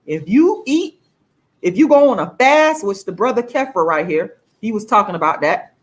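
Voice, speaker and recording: A woman's voice: medium pitch, big pitch swings, moderate pace. A woman, talking casually and emphatically to her viewers in a livestream vlog. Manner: chatty, emphatic, addresses viewers as y'all. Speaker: vlogger.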